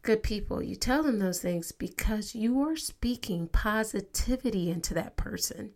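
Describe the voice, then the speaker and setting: A woman's voice: mid-range voice, normal speed, a little mellow. A woman hosting a motivational podcast, talking to listeners in an upbeat, conversational way. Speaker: podcast host.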